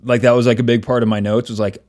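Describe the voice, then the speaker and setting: A man co-hosting a casual chat, talking loosely with lots of filler words and quick laughs. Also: medium pitch, level tone, a little mellow. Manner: laughs often, many fillers and restarts. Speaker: podcast co-host.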